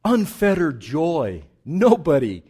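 Impassioned preaching man, fairly high voice. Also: big pitch swings, slow pace, slightly rough. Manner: swings from hushed reflection to loud impassioned preaching; reads scripture aloud dramatically. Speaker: pastor. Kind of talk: sermon.

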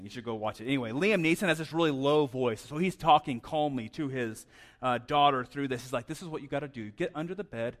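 A man's voice: mid-range voice, a bit bright. A man preaching a sermon in a conversational way, often stammering and repeating words. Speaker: pastor.

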